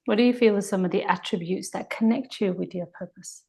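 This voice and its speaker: A woman's voice: mid-range voice, a little fast, gravelly, darkish tone, breathy edge. A woman hosting a podcast interview, asking thoughtful questions and affirming her guest. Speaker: podcast host.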